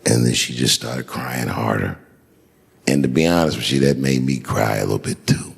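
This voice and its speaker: A man telling stand-up comedy stories onstage at a large venue into a handheld mic, swinging between shouted punchlines and low, hushed asides. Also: normal speed, creaky, husky. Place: large performance venue on stage. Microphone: handheld stage mic. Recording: long hall reverb, faint noise.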